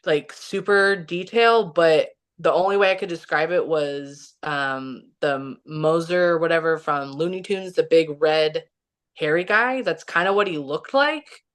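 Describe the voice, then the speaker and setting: A woman from Missouri telling a personal story as a podcast guest, animated and full of "like" fillers. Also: low voice, measured pace. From Kansas City, Missouri. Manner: animated, many "like" fillers, laughs often. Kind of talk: casual storytelling interview.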